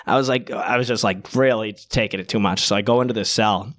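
A man's voice: on the low side, fast talker. Profane New man telling a story. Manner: rambling, profane, animated retelling with acted-out quotes. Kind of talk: casual chat, storytelling.

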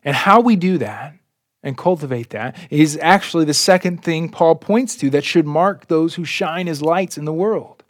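A man preaching a sermon as a pastor, in a slow and earnest way, his voice often dropping soft at the ends of phrases. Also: fairly high pitch, no echo, clean studio sound.

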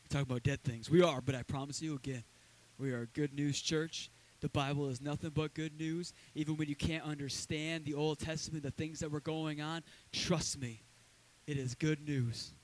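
A man preaching a sermon as a pastor in a church, talking in a loose, conversational way with lively asides. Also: a little high, normal speed, rough recording. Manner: conversational, energetic preaching with asides and acted quotes.

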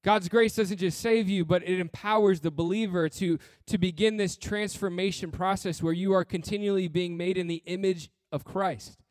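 A man's voice: high voice, fairly even intonation, normal speed, few pauses, a little mellow, no room sound, studio quality. A man preaching a sermon as pastor, earnest and blunt, with touches of humor and repeated phrases.

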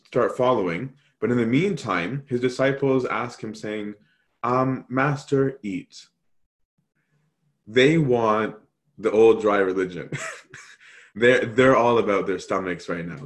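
Man preaching a lively sermon. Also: fairly low pitch. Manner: animated, acts out quoted voices.

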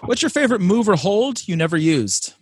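A man's voice: sits high, sing-song, a little fast, slightly rough. A man interviewing a guest casually, mostly giving short replies and hesitant asides. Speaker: podcast interviewer.

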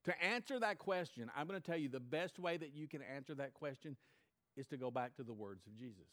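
A man preaching a sermon to his church, emphatic, rising high and loud then dropping low and quiet. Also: lively intonation, brisk. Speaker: pastor.

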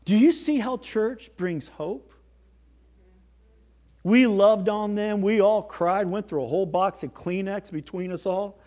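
A man preaching a sermon as pastor, swinging from soft, slow lines to loud, emphatic ones. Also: high-pitched.

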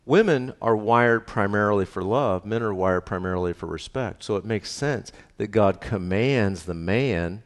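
A man, a pastor, preaching a sermon in a lively, conversational way, often checking in with the congregation. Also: lowish voice, normal speed, big-room sound. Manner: lively, conversational preaching with frequent "right?" asides.

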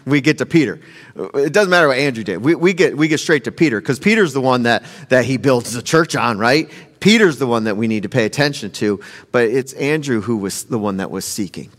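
A pastor preaches in a relaxed, conversational way, circling back and repeating his phrases. His voice is mid-pitched for a man. The sound carries the long reverb of a large church hall. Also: a little fast. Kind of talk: sermon. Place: church sanctuary.

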